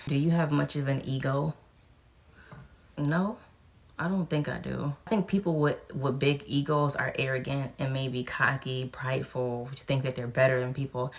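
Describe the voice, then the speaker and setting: Very low-voiced, gravelly young woman vlogger. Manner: chatty and frank, with casual cursing. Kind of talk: casual Q&A vlog.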